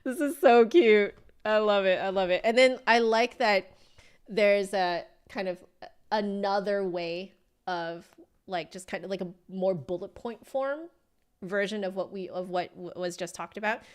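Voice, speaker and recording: A woman's voice: mid-range voice, a little slow, clear, resonant tone. A young woman, a flute teacher, casually reviewing a book and reading passages aloud with gushing enthusiasm.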